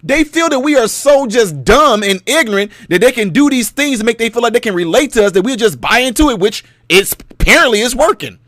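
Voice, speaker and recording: A man's voice: extremely high pitch, a little fast, hardly any pauses, no room sound, studio quality. A man hosting a casual commentary monologue, telling a story and firing rhetorical questions at his audience, sometimes putting on mocking voices. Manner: animated, mocking put-on voices. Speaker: commentary channel host.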